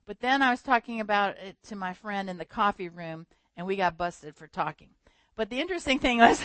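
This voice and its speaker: A woman preaching a sermon in a lively storytelling manner, often laughing. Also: medium pitch, brisk, no echo.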